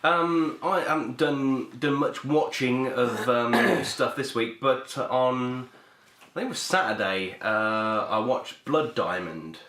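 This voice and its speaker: A man's voice: medium pitch, lively intonation, takes it slowly, a bit bright. A young British man co-hosting a podcast, chatting casually about films with lots of ums and restarts. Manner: rambling, hesitant, full of ums and restarts. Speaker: podcast co-host. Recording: echoey room.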